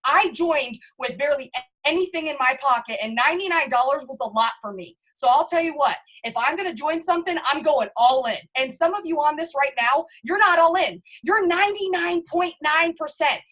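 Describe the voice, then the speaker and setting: Over a video call, a woman who leads a network marketing team fires up her people with a full-on motivational talk, speaking fairly quickly in a bright, high voice. She is hyped and emphatic, keeps speaking straight to her listeners, and the recording quality is low.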